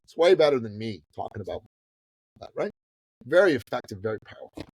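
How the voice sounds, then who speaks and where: A man in his fifties from the Middle East, a business coach telling a story as a podcast guest in a casual, animated way that swings between loud and hushed. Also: medium pitch, a little fast, husky, dry recording, poor audio. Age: 50s.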